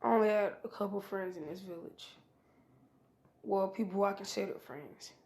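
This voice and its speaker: A woman voicing a brash young male ninja who talks in a blunt, dismissive way. The voice is gravelly and close to her everyday tone, with an ordinary pitch. It carries the loose feel of a fan storytelling. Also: moderate pace, a little mellow, close to an everyday voice. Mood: cold.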